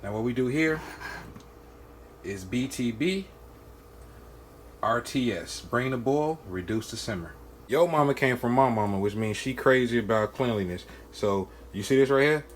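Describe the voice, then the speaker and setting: A man's voice: medium pitch, a little hiss or hum. A man in his home kitchen, playfully talking his nephew through a home-cooked meal in a casual cooking vlog. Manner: playful, joking, with drawn-out sounds and soft asides.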